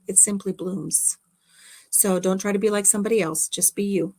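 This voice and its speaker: Mellow and medium-pitched, a middle-aged woman talks at an ordinary pace with fairly even intonation. She's hosting a relaxed livestream in her craft room at home, wandering from topic to topic and reading viewers' comments out loud.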